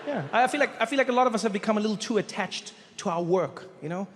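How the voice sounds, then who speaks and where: High-voiced male comedian on stage. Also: fast. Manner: animated storyteller, acts out voices. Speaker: stand-up comedian. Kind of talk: stand-up storytelling. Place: large live venue. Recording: echoey hall with crowd noise. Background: audience laughter.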